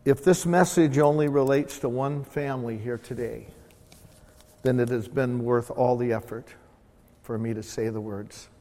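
Male pastor, mid-pitched voice, emphatic repeated points, long church reverb. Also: fairly even intonation, moderate pace, warm tone. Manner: emphatic, repeats key phrases. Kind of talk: sermon. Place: church sanctuary.

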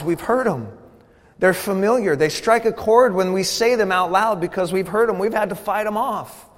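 A male pastor preaching a sermon, emphatic and repetitive, building from quiet to forceful. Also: high voice, long reverb tail.

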